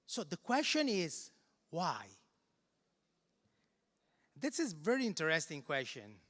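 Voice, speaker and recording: A man with an Italian accent giving a conference talk in English, halting and repeating words as he searches for phrasing. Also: fairly high pitch, wildly swooping pitch, fairly bright tone. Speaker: conference speaker. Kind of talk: conference presentation. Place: large conference hall. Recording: reverberant hall.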